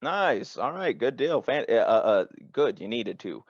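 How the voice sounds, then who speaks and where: A man narrating as game master for a tabletop game, slow and halting with many restarts. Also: medium pitch, very animated, dry recording. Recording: dry, dull lo-fi sound.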